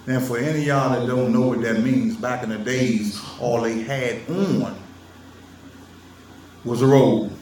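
This vlogger's medium-pitched voice stays fairly even, a bit slow and slightly mellow as he lectures viewers on religion. He's emphatic and teasing, laughing often in the casual monologue. The audio is roomy from a faraway mic, with faint ambience and a touch of hiss or hum.

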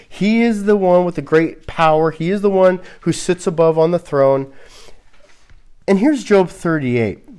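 A pastor from Southern California preaches slowly, pausing to let his points sink in. His voice sits a little high for a man, and he keeps firing rhetorical questions between relaxed, chatty asides. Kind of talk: sermon.

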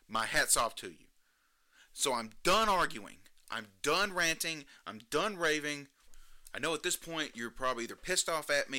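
A man hosting a solo podcast, ranting in disbelief and climbing to near-shouts as he gets worked up. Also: a little high. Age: adult, jokes he may be too old for social media. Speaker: podcast host.

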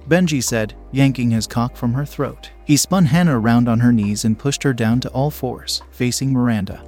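A man reads an erotic story aloud in a steady, unhurried way. His voice sits at an ordinary middle pitch. Soft music plays quietly beneath him. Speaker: narrator. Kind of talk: scripted erotic story narration.

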